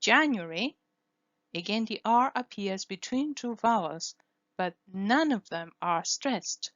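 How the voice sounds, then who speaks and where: Slow, careful woman teaching pronunciation. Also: mid-range voice, expressive, dry recording, highs cut off. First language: Spanish. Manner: slow, careful, demonstrates sounds repeatedly. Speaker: English phonetics teacher. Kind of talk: scripted lesson.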